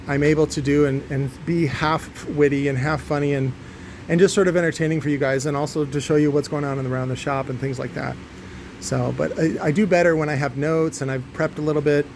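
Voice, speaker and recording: A man's voice: on the high side, a little hiss or hum. A man who owns a shop, rambling and ranting through a one-take vlog, swearing freely as he goes. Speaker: shop owner vlogging. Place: his shop.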